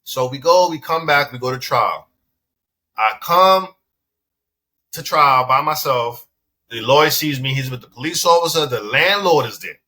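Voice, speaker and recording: A man's voice: mid-range voice, expressive, normal speed, sharp tone. A man from the Bronx, a business owner telling a story in a casual interview, acting out both sides of the exchanges and swearing freely. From the Bronx, New York. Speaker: dispensary owner, podcast guest.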